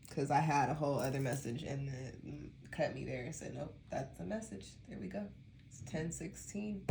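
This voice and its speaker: A tarot reader with a deep voice gives her viewers a casual monthly reading, chatty and rambling. Allergies have left her with a stuffy nose.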